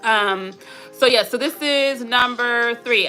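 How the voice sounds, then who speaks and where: A woman's voice: a little high, measured pace, pushed and bright, soft background music. A woman hosting a live motivational stream, speaking earnest affirmations and reflecting on self-talk. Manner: answers live chat between points. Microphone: webcam or phone mic on a live stream.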